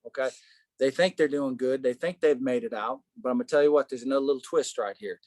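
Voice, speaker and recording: A man leading a casual Bible study, animated, asking rhetorical questions and saying "man" a lot. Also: mid-range voice, fast, dry recording.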